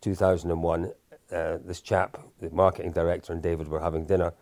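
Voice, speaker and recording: Gravelly man telling stories. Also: deep voice, little pitch movement, brisk, darkish tone, dry recording. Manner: chatty, self-deprecating, many restarts and fillers. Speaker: interview guest. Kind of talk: casual storytelling.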